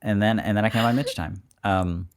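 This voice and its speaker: A man's voice: lowish voice, fairly even intonation, brisk, noisy background. A man co-hosting an advice podcast, chatting casually with rambling, joking banter and frequent restarts. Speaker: podcast co-host. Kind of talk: casual chat.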